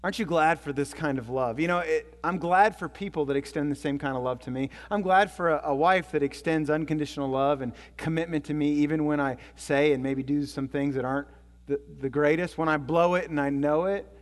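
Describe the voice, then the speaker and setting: A male pastor delivering a sermon with a fairly high voice, his words ringing through a long hall reverb. He tells stories, climbing loud and excited, then dropping to a hushed, low tone. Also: a little fast.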